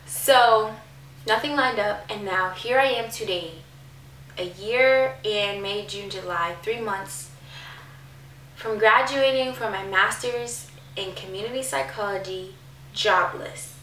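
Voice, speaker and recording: A woman's voice: medium pitch, sharp tone, far from the mic, slight background noise. Emotional young woman in an echoey room. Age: 20s. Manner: emotional, confessional, many fillers. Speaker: vlogger. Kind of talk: candid personal vlog.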